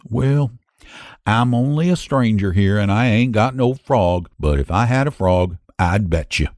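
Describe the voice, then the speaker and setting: A man voicing a wry stranger in a mining camp who speaks slowly and deliberately in rural dialect. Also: on the low side, expressive, darkish tone, no room sound, studio quality. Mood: mournful. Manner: slow and deliberate.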